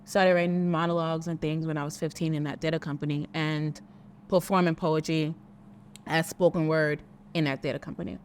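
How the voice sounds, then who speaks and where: A woman with a Brooklyn accent chats casually outdoors, telling stories with animation and slipping into quoted voices. Her voice sits somewhat low. Faint street ambience hangs behind her. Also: flat delivery, fairly quick, slight background noise. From Brooklyn, New York. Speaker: actress and guest. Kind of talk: casual conversation.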